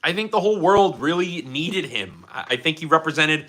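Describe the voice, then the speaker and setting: A man's voice: a little high, lively intonation, normal speed, a bit bright. A man from Philadelphia hosting a livestream, chatting casually and enthusiastically as he answers viewers' questions. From Philadelphia, USA. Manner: chatty, enthusiastic, jumps between topics. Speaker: livestream host.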